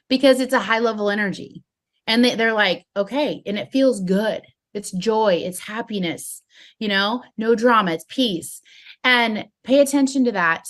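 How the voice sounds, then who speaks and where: A woman delivers a motivational training talk on building a sales business, her voice bright with a smile. She sounds upbeat and animated, at a middle pitch for a woman, recorded on a phone. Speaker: network marketing trainer.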